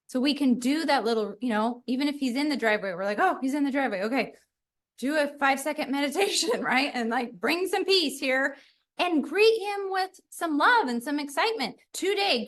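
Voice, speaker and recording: A middle-aged woman co-hosting a podcast in casual chat, animated, acting out little quoted voices. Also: high-pitched. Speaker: podcast co-host.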